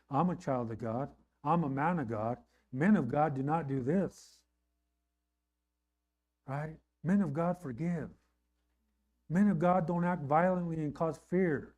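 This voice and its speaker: A middle-aged man preaching a sermon in a conversational way, often asking "right?" and rising in pitch and volume on emphatic lines. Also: dark tone. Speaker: pastor.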